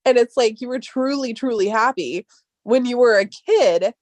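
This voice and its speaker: A young woman with a light Californian Valley Girl lilt and upspeak chats casually at a moderate pace in a darkish tone, sprinkling in "like" and the odd swear word. She laughs a lot and leaps up in pitch when mimicking others. The recording is close and dry, with no echo or room sound.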